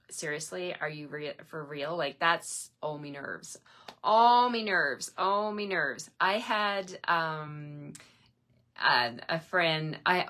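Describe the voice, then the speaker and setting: Lady chatting live from her craft room, chatty and upbeat, kinda low voice. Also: pushed and bright. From Newfoundland, Canada. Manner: chatty and upbeat, greeting viewers by name, frequent laughs. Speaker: craft demonstrator streaming live. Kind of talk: casual live-stream chat.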